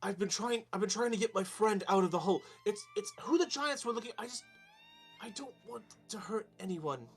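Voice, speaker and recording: A man's voice: very high-pitched, normal speed, a bit bright, pitched above the performer's own voice. A man voicing a frightened young giant prince who stammers, over a game stream with faint music behind. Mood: pleading. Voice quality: stammering, nervous.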